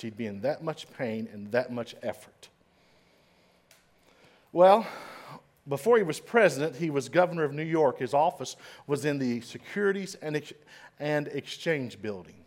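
A middle-aged man giving an inspirational speech, telling a story dramatically and swinging between hushed and loud. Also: mid-range voice. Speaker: motivational speaker. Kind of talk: inspirational speech to a live audience.

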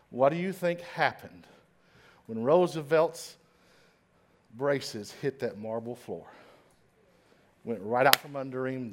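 A middle-aged man giving an inspirational speech, telling a story dramatically and swinging between hushed and loud. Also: mid-range voice. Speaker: motivational speaker. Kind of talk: inspirational speech to a live audience.

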